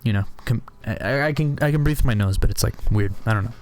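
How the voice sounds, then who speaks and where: A young man with a sore throat sits at a desk in his room, rambling casually about the items he collects with plenty of restarts and fillers. He talks fast in a lowish, slightly mellow voice.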